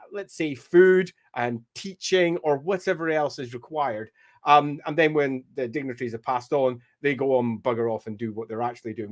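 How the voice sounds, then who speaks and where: A man with a mixed Scottish accent hosting a live stream, thinking aloud as he works and answering viewer comments in a relaxed way. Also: medium pitch. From Scotland. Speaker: stream host and mapmaker. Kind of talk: live-stream commentary while drawing a map.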